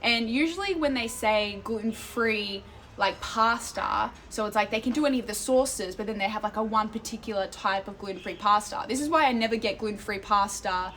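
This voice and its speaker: A young Australian woman with a mid-range, fairly bright voice talks briskly to her live stream chat through a phone held out in front of her. She's walking outdoors in an Italian town, getting sidetracked easily and swearing freely, with slight background noise.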